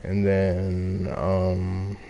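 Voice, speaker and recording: A young man from Los Angeles tells a story in a low, flat voice, dragging along slowly. His tone is dark and relaxed, and he fills every gap with "like," "um," and casual swearing. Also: gravelly. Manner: rambling, heavy on fillers and profanity.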